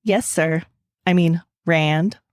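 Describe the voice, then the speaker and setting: A woman's voice: on the low side, slow pace, no room sound, clean studio sound. A woman doing a shy, flustered young barista. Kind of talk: audiobook-style reading.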